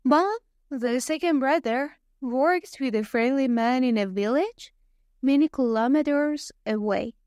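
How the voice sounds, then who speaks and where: A woman reading a story aloud slowly and carefully for English learners. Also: high voice, darkish tone, no room sound, studio quality. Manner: slow, careful, clearly spaced reading. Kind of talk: slow scripted story narration.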